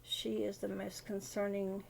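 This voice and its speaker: An older widowed grandmother telling a personal story in a halting, rambling way in a casual vlog. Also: medium pitch, completely flat delivery, creaky, a little mellow, slight background noise.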